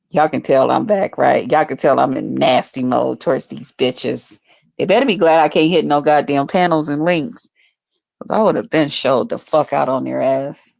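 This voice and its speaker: A woman's voice: rumbling low, vocal fry, a little mellow, no room sound. A woman chatting casually to her viewers on a phone livestream from home, rambling and swearing freely. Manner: rambling, profane, talks straight to viewers.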